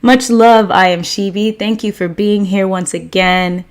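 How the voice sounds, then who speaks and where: A woman hosting a spiritual livestream, greeting viewers by name and guiding a meditation with calm, gentle affirmations. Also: medium pitch, a little slow. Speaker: livestream host and meditation guide. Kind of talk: casual livestream chat and guided meditation.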